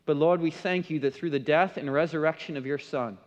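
A man preaching a sermon as pastor, swinging between impassioned emphasis and hushed, softened passages. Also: fairly high pitch, brisk. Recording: dull sound with long hall reverb.

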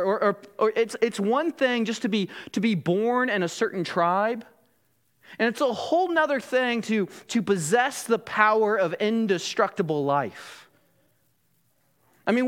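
High-voiced man preaching a sermon. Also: a bit bright. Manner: explanatory, frequent rhetorical "Right?" checks. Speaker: pastor.

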